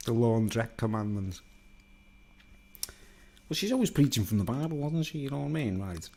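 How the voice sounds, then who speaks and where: A man's voice: mid-range voice, very animated, moderate pace, warm tone. A man delivering a digressive, conspiratorial solo monologue, constantly seeking agreement. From England. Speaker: vlogger.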